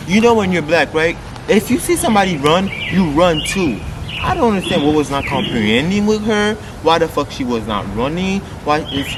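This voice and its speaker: A man vlogging a story time, swearing freely and jumping to loud outbursts when he quotes people. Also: fairly high pitch. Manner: animated, swearing, loud bursts when quoting. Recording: noisy outdoor street sound.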